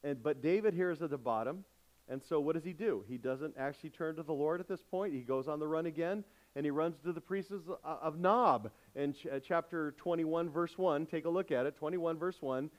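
Emphatic preacher man, slightly high voice. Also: a little fast, low-quality recording. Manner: calls out questions to the congregation, lively and emphatic. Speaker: pastor. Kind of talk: sermon.

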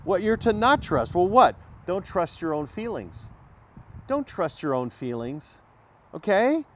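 A man's voice: high voice, big pitch swings, measured pace. A man preaching a sermon in an emphatic way, repeating key phrases and asking rhetorical questions.

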